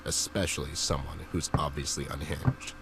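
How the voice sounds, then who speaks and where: A gruff teddy bear detective from a video game, talking in an extraordinarily deep, rumbling voice. He asks blunt, plain questions. A steady hiss runs under the recording. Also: moderate pace. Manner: blunt, matter-of-fact questioning.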